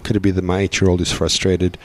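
A man's voice: low-pitched, completely flat delivery, fast. A man, a parent and podcast guest, explaining his views earnestly in a reflective conversational way, often restarting his sentences. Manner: earnest, thinks aloud with restarts.

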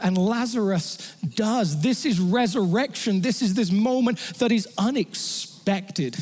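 High-voiced male pastor, long hall reverb. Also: darkish tone. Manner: conversational, with humorous asides to the congregation. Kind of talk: sermon. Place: church hall.

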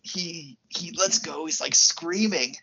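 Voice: medium pitch, lively intonation, unhurried, lo-fi sound, a crowd in the background. A podcast co-host casually recapping a film plot, laughing often.

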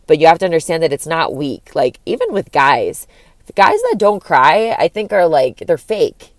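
Young woman vlogger, low voice, dry close sound, loose rambling delivery with casual swearing. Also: animated, moderate pace, dry recording. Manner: rambling, frequent "like", swears freely. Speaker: vlogger giving breakup advice. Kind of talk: casual candid monologue.

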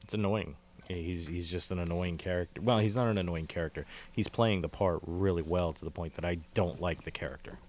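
Casting: male podcast co-host, very low voice, loose and rambling, a bit profane. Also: steady tone, brisk, a little mellow. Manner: rambling, profane, laughs easily. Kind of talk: casual chat. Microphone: call recording.

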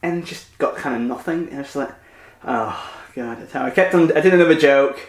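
A man's voice: mid-range voice, a little fast. A man, a stand-up comedian, telling a rambling anecdote in casual chat with many fillers. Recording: roomy echo.

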